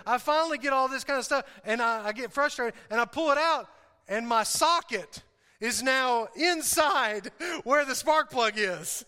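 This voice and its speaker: A man's voice: extremely high pitch, lively intonation, a little slow, pushed and bright, smooth, in a large hall. A man preaching a sermon, telling a story with self-deprecating humor, repeats and laughs. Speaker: pastor.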